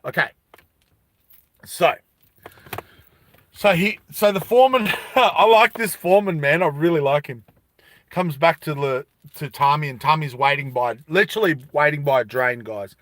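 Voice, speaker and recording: Animated Australian man telling a story. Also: on the high side, moderate pace, pauses often, a little hiss or hum. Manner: animated, laughs often, chats with viewers. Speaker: live storyteller. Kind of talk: live-streamed storytelling.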